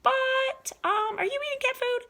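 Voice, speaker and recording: A woman voicing a cruel old grandmother who is quick to anger, with a sharp hissing voice or a put-on sugary tone. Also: steady tone. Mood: mock-sweet. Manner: sharp angry hiss, or a mock-sweet high voice.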